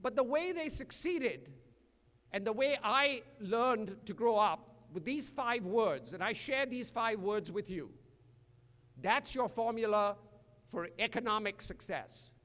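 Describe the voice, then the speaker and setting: An older man from India, giving a commencement address with dry humor and slow emphatic phrasing. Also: high voice, animated, fairly bright tone. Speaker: commencement speaker. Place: large hall. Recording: echoey hall.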